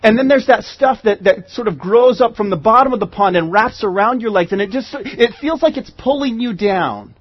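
A man's voice: high-pitched, lively intonation, moderate pace, hardly any pauses, no echo, dull audio. A man preaching a sermon as pastor, earnest and conversational, often restarting his phrases.

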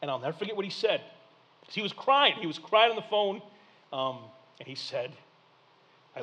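High-voiced preacher swinging loud to hushed. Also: male voice, lively intonation, moderate pace, pauses often, highs cut off. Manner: plain folksy speech with repeated words. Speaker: pastor. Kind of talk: sermon.

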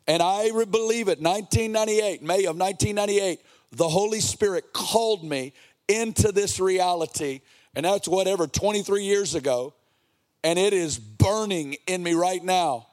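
A man's voice: high voice, normal speed, darkish tone. A man in his forties preaching an earnest, impassioned sermon, sometimes lilting into a sing-song cadence.

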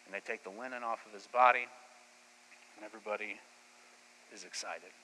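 A man preaching a sermon as a pastor, retelling scripture as lively, casual storytelling. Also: lowish voice, fairly quick, big-room sound, a little hiss or hum, poor audio.

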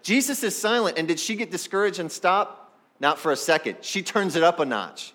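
A pastor preaching a sermon in a fairly high voice for a man. He talks to the congregation as if chatting with them. Now and then he acts out the people in the story. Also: lively intonation, moderate pace, a bit bright. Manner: conversational, talks straight to the congregation.

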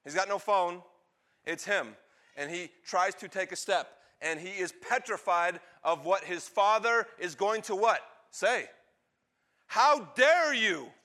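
Male pastor, sermon storytelling, bright and slightly high voice, animated delivery. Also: unhurried. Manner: animated, acts out characters' lines.

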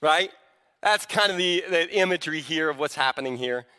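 A man with a fairly high, forceful voice preaches a sermon. He speaks with emphasis and often breaks off and restarts words. His voice rings out with the long reverb of a large hall. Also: fairly quick. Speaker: pastor.

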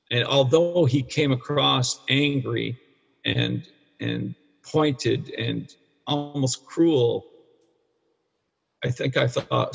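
Man, 60s, from Canada, gravelly, husky, rambling, profane, echoey room. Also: mid-range voice. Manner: rambling, restarts often, blunt and profane. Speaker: guest, addiction counselor for men. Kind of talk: candid storytelling in conversation. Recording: dull, echoey room recording.

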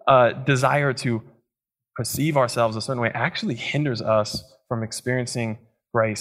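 A young man preaches in a church in an easygoing, conversational way, as if telling stories to friends. His voice sits in a middle register and moves between energetic bursts and quieter, slower moments. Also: mid-range voice. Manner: conversational, animated storytelling with asides. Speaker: pastor. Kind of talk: sermon.

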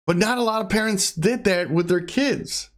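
A man's voice: high voice, moderate pace. A young man giving a blunt, profane pep-talk rant in a casual monologue.

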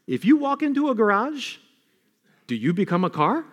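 A male pastor delivers an animated sermon in a notably high voice that leaps up and drops low. He doubles words as he drives toward his points. His voice carries a long reverb from a large church hall. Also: normal speed. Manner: animated preaching, swinging between loud high emphasis and low quiet asides; repeats words when building to a point.

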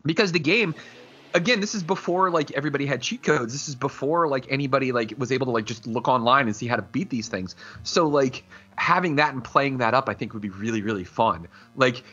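A man co-hosting a casual chat, rambling and animated, often slipping into goofy character voices. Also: medium pitch, brisk, lo-fi sound. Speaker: podcast co-host.

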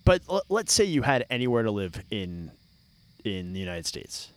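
Man, teasing co-host, lowish voice, lots of pitch movement. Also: big pitch swings, moderate pace. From Connecticut. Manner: teasing, asks questions. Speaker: podcast co-host. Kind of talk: casual chat.

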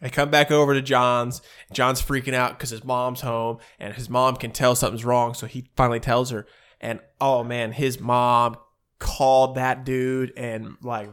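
A man in his thirties telling a long funny story in a casual chat with friends, rambling and animated, jumping his voice up when he quotes people. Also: mid-range voice, clean tone.

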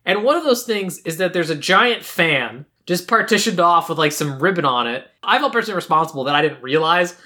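A man's voice: on the high side, lively intonation, fairly quick, hardly any pauses, pushed and bright. A man co-hosting a podcast, casually retelling a movie scene by scene and acting out the characters' lines. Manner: rambling retelling with acted-out quotes. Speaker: podcast co-host. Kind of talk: casual movie recap chat.

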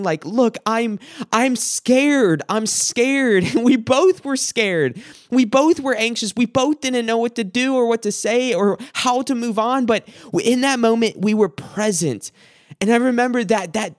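A man preaches in a high voice, stirred and heartfelt as he tells his stories. He repeats his words again and again for weight. The recording is dry and close, with no room sound. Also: no echo. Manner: emotional, heartfelt storytelling; repeats words and phrases for emphasis. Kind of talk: sermon with personal stories.

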